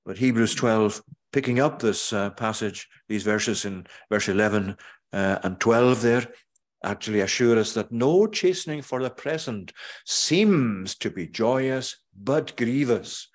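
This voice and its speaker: A pastor preaching a sermon in a measured way, pausing often and slowing for emphatic scripture quotes. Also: male voice, lowish voice.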